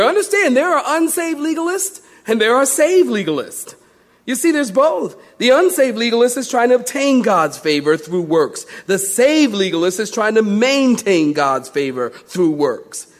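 A man preaching a sermon as pastor, joking and acting out the people he quotes. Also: high-pitched. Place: church.

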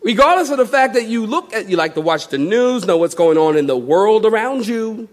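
A man's voice: high voice, big pitch swings, a little fast. A man preaching a sermon as pastor, joking and acting out the people he quotes. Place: church.

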